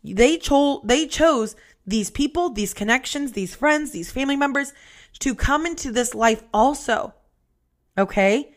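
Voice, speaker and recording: A young adult woman hosting a podcast, telling a personal story in a candid, profane, animated way. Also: high-pitched, measured pace. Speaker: podcast host.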